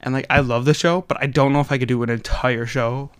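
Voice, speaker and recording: A man co-hosting a podcast in casual chat, rambling and animated, often trailing off. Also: mid-range voice, quick pace, clear, resonant tone. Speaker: podcast co-host.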